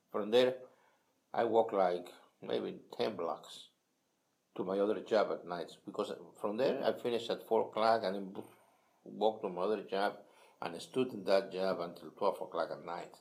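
Older Peruvian man with halting English. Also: fairly low pitch, creaky. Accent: Peruvian Spanish. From Peru. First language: Spanish. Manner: halting non-native English with many restarts. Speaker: interviewee. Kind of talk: casual storytelling. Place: home kitchen table.

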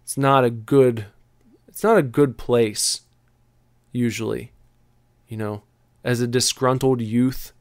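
A man casually telling a long personal story on a podcast, halting and searching for words, with a wry, laid-back manner. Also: mid-range voice, steady tone, no echo.

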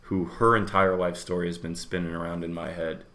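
A man's voice: deep voice, little pitch movement, fairly quick, pushed and bright, roomy sound. A man co-hosting a casual podcast chat, telling stories with dry, sardonic humor. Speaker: podcast co-host.

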